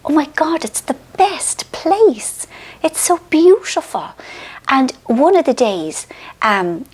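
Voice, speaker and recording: Irish woman rambling to the camera, jokey asides, very lively up and down voice. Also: high voice, slow pace. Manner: chatty and self-mocking, full of asides. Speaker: vlogger. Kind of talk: casual chat to camera. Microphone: filmed by a companion behind the camera.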